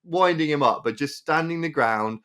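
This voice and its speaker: Podcast co-host, slightly high voice, lively storytelling, repeats himself. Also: male voice, moderate pace, clean tone. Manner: animated, repeats himself and restarts often. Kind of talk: casual storytelling chat.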